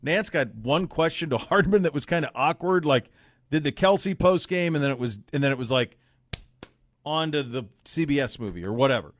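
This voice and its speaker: A man's voice: on the high side, animated, normal speed, no room sound. Male podcast host, rambling casual sports chat, dry mic. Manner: chatty, rambling with restarts.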